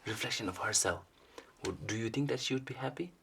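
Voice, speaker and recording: A man reading a picture book aloud to children, animated and stopping often to ask them questions. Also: medium pitch, quick pace, vocal fry, a little hiss or hum. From Bhutan. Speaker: storyteller.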